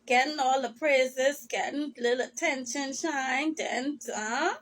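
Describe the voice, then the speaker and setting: A woman's voice: sits high, slow, a bit bright, a little hiss or hum. A woman giving an emotional personal testimony, impassioned and repetitive, sometimes tearful, addressing her listeners as people of God.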